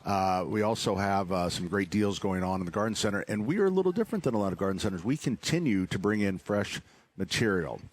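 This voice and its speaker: A man's voice: on the low side, animated, fast talker. A man who runs a garden center, chatting casually and joking about himself on a live radio show. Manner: joking, rambling, self-mocking.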